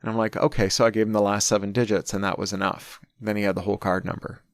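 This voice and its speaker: Middle-aged guy telling a story, lowish smooth voice, dry close sound. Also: fast talker, no echo. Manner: animated anecdote-telling, quoting people in his own voice. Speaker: interview guest. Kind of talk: casual storytelling.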